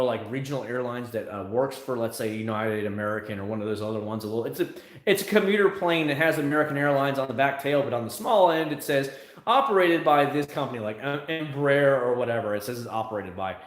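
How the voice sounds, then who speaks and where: A man in his thirties hosts a livestream in a medium-pitched, slightly bright voice with a reverberant sound. He chats casually and rambles, answering viewers' comments as they come in.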